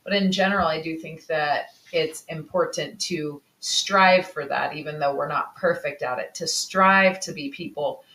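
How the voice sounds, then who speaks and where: A woman's voice: sits low, moderate pace, few pauses, sharp tone. Candid, reflective woman in an echoey room. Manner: reflective, candid, sometimes swears. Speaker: podcast co-host. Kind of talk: casual conversation.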